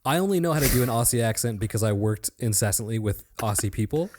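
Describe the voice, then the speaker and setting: A man's voice: fairly low pitch, expressive, quick pace, noisy background. A man appearing as a podcast guest, talking in an enthusiastic, chatty and complimentary way. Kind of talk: casual podcast conversation.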